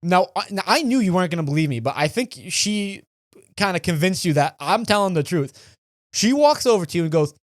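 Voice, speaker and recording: A young man co-hosts a chat podcast, his voice a touch higher than most and swinging widely as he acts out the people in his story. The sound is close and dry, with no room around it. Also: quick pace, no echo. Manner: animated, acts out quoted voices. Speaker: podcast co-host.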